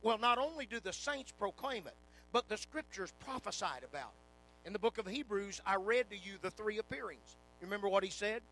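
A man preaching a sermon with emphatic delivery, rising and falling in loudness and slowing into scripture readings. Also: sits high, lively intonation, poor audio.

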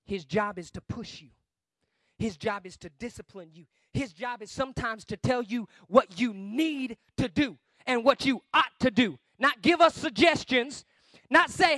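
A man preaching a guest sermon with emphasis, swinging between shouting and quiet asides. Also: very high-pitched, lively intonation, a little slow, no room sound.

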